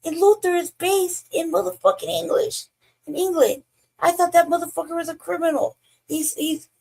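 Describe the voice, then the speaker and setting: A woman's voice: sits high, gravelly, rough recording. A woman co-hosting a show, ranting bluntly and with heavy swearing in casual chat. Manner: blunt, profane, animated ranting. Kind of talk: casual reaction commentary.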